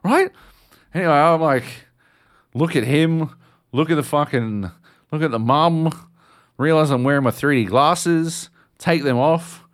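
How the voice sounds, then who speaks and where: A man, co-hosting a podcast and telling a story in an animated, swearing way. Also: fairly high pitch, unhurried. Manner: animated, swears a lot, acts out voices. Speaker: podcast co-host. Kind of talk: casual storytelling chat.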